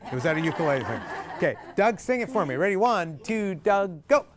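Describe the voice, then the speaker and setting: Animated man leading a singing class. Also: high voice, fairly quick, loud music behind the voice. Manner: animated, joking, demonstrates by singing. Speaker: singing instructor. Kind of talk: group singing workshop.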